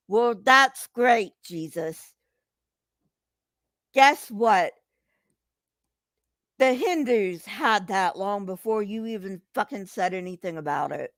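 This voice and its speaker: Slow, emphatic woman ranting on a livestream. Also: medium pitch, lively intonation, a bit bright, no echo. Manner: emphatic, profane and agitated, talking to chat. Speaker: livestream host reading chat. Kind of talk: casual livestream commentary.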